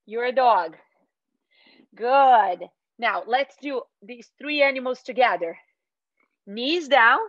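A woman's voice: on the high side, fairly bright tone, dull audio. A young woman teaching a children's yoga class in a playful, sing-song way, calling out poses and animal sounds.

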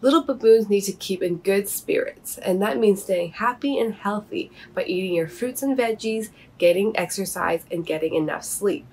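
Woman reader playing a gentle old teacher owl; patient, measured, soft and breathy. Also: mid-range voice. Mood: explaining.

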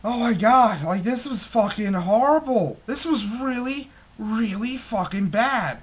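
A man's voice: sits high, expressive, measured pace, husky, soft background music. A man in his twenties reviewing a movie in an agitated, heavily profane rant, full of stumbling restarts. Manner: smoking while talking.

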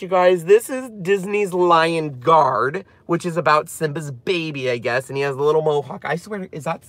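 A man presenting a craft channel, chatting casually and rambling excitedly as he walks through a product. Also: a little high, measured pace, dry recording.

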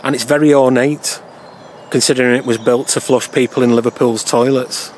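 A man's voice: mid-range voice, fairly even intonation, brisk, a little hiss or hum. A man talking through local history in a jokey, conversational way with wry asides, recorded outside. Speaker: cycling vlogger. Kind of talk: chatty local-history vlog.

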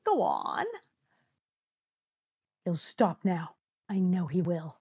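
Blanche, a nagging radio wife. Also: female voice, animated, slow pace, slightly rough, no room sound, highs cut off, exaggerated voice. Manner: shrill nagging complaints. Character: nagging sleepless wife, exasperated middle-aged. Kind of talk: old-time radio comedy acting.

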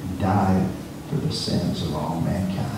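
Preacher's voice echoing from afar. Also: male voice, deep voice, level tone, measured pace, noisy background. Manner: emphatic, repeats words when speeding up. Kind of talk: sermon. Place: church sanctuary. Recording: echoey church from far off.

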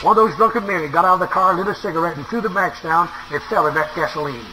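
A man's voice: high voice, quick pace, noisy background. A man preaching a sermon, telling a dramatic story with an emotional delivery. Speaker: evangelist preacher.

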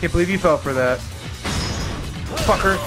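A man's voice: sits high, moderate pace. A young man giving profane, jokey let's-play commentary while he plays. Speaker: gaming channel host. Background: game music.

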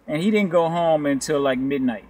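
Male gig driver ranting to camera, slightly high-pitched, loose and swearing, wandering from point to point. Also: normal speed, mellow. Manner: loose, profane, rambling. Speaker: rideshare delivery driver. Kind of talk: casual ranting vlog.

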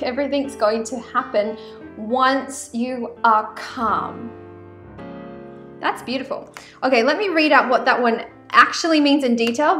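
A chatty Australian spiritual vlogger with a high, bright voice rambles through an oracle card reading, sprinkling in "um" and "like" asides. The room sounds echoey, and soft music plays faintly in the background.

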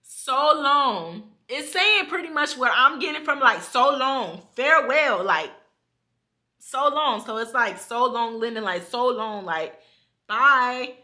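A young woman making a reaction video, chatting casually and excitably to her viewers and rambling with lots of fillers. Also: a little high, takes it slowly. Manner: addresses viewers directly. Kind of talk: casual chat.

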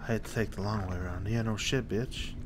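A man's voice: lowish voice, fairly even intonation, fairly quick, noisy background. A man giving live gameplay commentary, cursing and joking as he talks to himself.

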